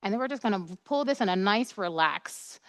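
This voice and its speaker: A woman's voice: mid-range voice, expressive, brisk, fairly bright tone, no echo. A woman esthetician in her thirties giving a chatty, playful live waxing demonstration, acting out quoted dialogue as she works.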